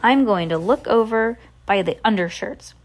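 A woman's voice: mid-range voice, expressive, moderate pace, lightly acted. A woman voicing a blunt, sneering male delivery man.

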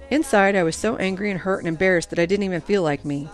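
A woman reading first-person audiobook narration in an earnest, expressive way. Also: medium pitch, fast, few pauses, soft background music.

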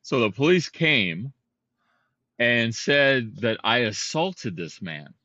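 A man co-hosting a podcast, telling a story in a casual, animated and heated way. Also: mid-range voice, slow, no echo, lo-fi sound. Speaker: podcast co-host.

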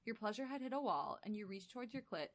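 A woman's voice: a little high, lively intonation, fast. A woman co-hosting a comedy podcast, reading explicit fan fiction aloud, often breaking into laughter and chatty asides. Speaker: podcast co-host.

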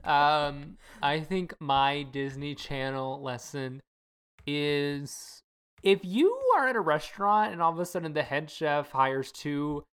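Low-voiced sarcastic podcast co-host woman. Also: clear, resonant tone. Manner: chatty, sarcastic, lots of fillers. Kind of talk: casual chat.

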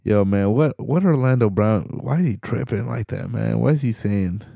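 A man's voice: fairly low pitch, normal speed, gravelly, mellow, no room sound, clean studio sound. A young adult man hosting a podcast, delivering a laid-back, slangy, profane monologue with laughs between points. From Hispanic community in the US. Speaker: podcast host.

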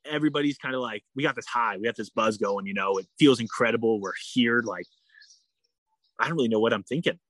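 Speaking fast in a mid-range, fairly bright voice, a male endurance athlete tells a lengthy personal tale during a relaxed interview. He rambles, restarts often, and peppers his speech with "like" and "you know." The recording has no echo.

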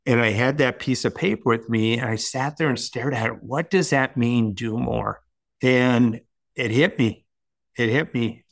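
A man's voice: medium pitch, creaky. Earnest man telling a personal story. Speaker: guest.

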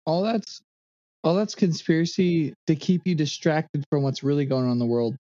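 Mellow-voiced man chiming in. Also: a little high, fairly even intonation, moderate pace, no room sound, muffled recording. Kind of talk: casual podcast chat.

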